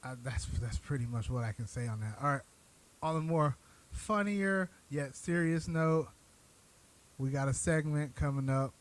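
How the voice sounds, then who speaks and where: A man's voice: on the high side, normal speed, low-quality recording. A man hosting an online show, talking straight to his audience in an earnest, blunt way that turns profane when he gets worked up. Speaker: show host. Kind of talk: direct-to-camera commentary.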